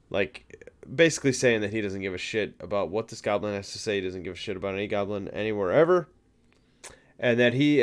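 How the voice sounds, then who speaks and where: A man's voice: on the low side, clear, resonant tone. A man playing a tabletop game, describing his moves in a rambling, searching way. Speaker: player. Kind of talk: casual tabletop play.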